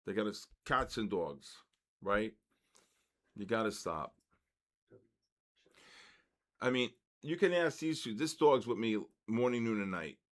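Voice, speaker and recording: Animated older man hosting a live stream. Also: fairly low pitch, a little slow, pauses often. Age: 60s. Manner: animated, keeps tagging 'right?' and 'okay?'. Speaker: trading session host. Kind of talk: casual livestream storytelling.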